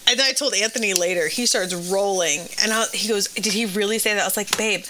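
A woman's voice: medium pitch, fast, very noisy. A woman in her thirties, a mother, chatting casually on a phone call and telling a story with lots of laughter.

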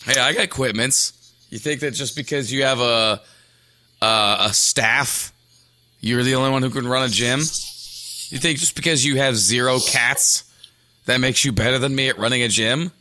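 A man co-hosting a casual podcast chat, with dry, deadpan humor. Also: mid-range voice, normal speed. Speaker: podcast co-host.

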